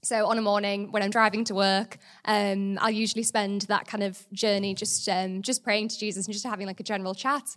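A woman's voice: mid-range voice, a bit bright. Giggly self-deprecating woman in her twenties. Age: 20s. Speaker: guest sharing a testimony. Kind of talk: casual spoken testimony.

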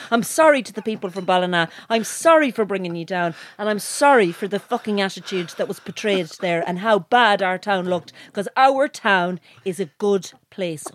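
A middle-aged woman from County Mayo with an Irish accent, co-hosting a podcast in a mock-indignant, profane rant. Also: mid-range voice. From Knockmore, County Mayo, Ireland. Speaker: podcast co-host. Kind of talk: casual podcast chat. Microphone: close podcast mic.

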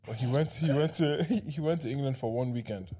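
A man's voice: mid-range voice, a little fast, mellow, slightly rough. A man in a casual chat, telling a story with wry, mocking impressions.

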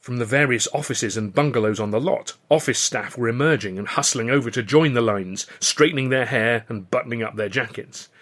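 A man narrating his own serialized novel in the first person, wry and measured. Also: medium pitch, fairly bright tone. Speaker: author and reader of a serialized novel.

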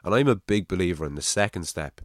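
A man's voice: deep voice, expressive, quick pace, no echo, studio quality. A man from Ireland with a Navan accent, hosting a podcast in casual, rambling chat and swearing freely. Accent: Navan, Irish. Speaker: podcast host.

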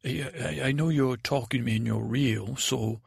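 A man playing a gravelly, timid boy prince. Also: mid-range voice, no room sound, clean studio sound. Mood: rambling. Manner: halting, stammering, meandering. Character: timid, dreamy boy prince, easily scared. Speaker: improvising storyteller. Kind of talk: improvised bedtime story in character.

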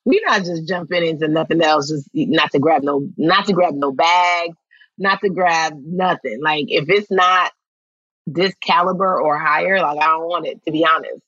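A woman guest in an interview, telling stories in a lively way, acting out what people said and laughing often. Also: low-pitched, moderate pace, slightly rough, no room sound, muffled recording. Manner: animated storytelling, acts out quotes, laughs often. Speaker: actress guest. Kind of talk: casual interview chat.

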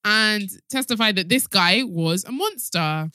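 A young woman hosting a casual podcast chat, animated and laughing often. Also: medium pitch, unhurried, no room sound, studio quality. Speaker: podcast host.

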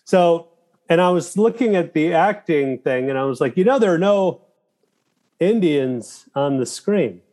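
A man talking as a guest in a casual interview, telling animated stories with profanity and quoting his own thoughts aloud. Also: a little high, a little slow. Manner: animated storytelling with profanity and quoted inner thoughts. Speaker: guest, filmmaker and actor.

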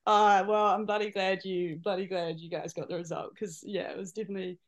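A woman with a New Zealand accent hosting a casual sports chat, animated and slangy, calling her guest "mate". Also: medium pitch, fairly quick. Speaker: podcast host, teammate.

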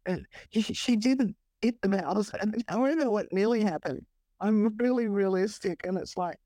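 A woman's voice: medium pitch, normal speed, warm tone, dry recording. Blunt matter-of-fact woman guest. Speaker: podcast guest. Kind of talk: casual interview chat.

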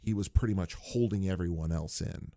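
A man's voice: sits low, a little fast, warm tone, dry recording, studio quality. A man in casual chat, animatedly retelling cartoon scenes, laughing often and mimicking characters.

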